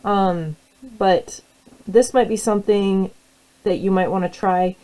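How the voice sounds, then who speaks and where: Mellow-voiced woman teaching a class. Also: medium pitch, fairly even intonation, slow pace, poor audio. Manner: friendly, rambling with fillers and restarts. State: has the hiccups. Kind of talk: casual classroom tutorial.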